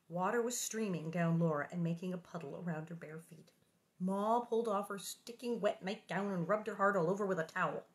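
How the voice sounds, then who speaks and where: A woman reading a children's novel aloud and breaking off into jokey, animated asides. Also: mid-range voice, moderate pace. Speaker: book reader and host.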